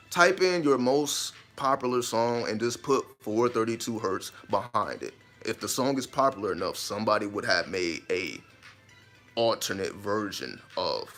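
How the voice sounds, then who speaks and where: A man's voice: lowish voice, fairly bright tone. Man giving an emphatic rambling monologue. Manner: emphatic, repetitive, with occasional swearing. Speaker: host of own video channel. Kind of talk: casual explanatory monologue.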